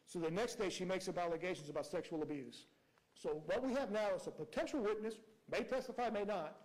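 A man's voice: high-pitched, darkish tone, rough recording. A man arguing as prosecutor before a judge, reading out quotes and pressing rhetorical questions. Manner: reads quotes aloud. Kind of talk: courtroom argument.

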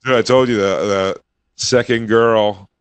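A man with a fairly low voice trades crude stories in relaxed studio banter. He laughs into his own punchlines. His voice is dry and close to the mic. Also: unhurried, clear, resonant tone, dry recording. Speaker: podcast co-host. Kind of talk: casual comedic banter.

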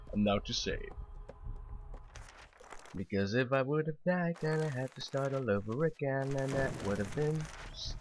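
A man's voice: medium pitch, a little hiss or hum. A man casually commentating a video game playthrough, joking and talking back to the characters. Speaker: gamer commentating his playthrough. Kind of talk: casual let's play commentary.

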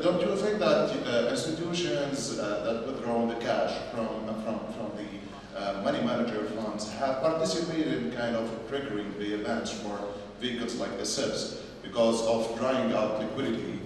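A hesitant audience member with a lowish voice, stumbling through his questions with many fillers. He sounds far from the mic in a very echoey hall, with faint room ambience behind. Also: a little hiss or hum. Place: conference hall.

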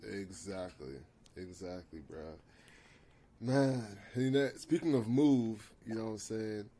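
A man's voice: lowish voice, slow, warm tone, slight background noise. A man co-hosting a podcast in laid-back, slangy casual chat, asking his co-host questions.

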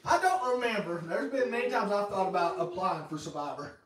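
A man preaching a sermon as pastor, telling stories in a lively way and acting out quotes. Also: high voice, brisk, slight background noise. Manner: lively, animated storytelling with acted-out quotes. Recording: echoey hall, voice from far off.

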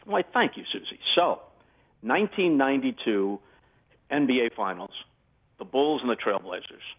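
Over a tinny remote line, an older male sportscaster appears as a guest in a casual interview, animatedly telling anecdotes. His mid-range voice is husky, and he talks at a normal speed.

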